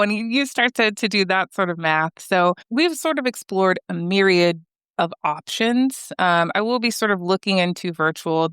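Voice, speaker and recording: A chatty woman from the US in her thirties talks as a podcast guest, filling her sentences with "like" and "you know." Her voice is smooth and crisp. The sound is close and dry, with no room around it. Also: medium pitch, no room sound. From United States. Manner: chatty, animated, many fillers like "like" and "you know". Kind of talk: conversational interview.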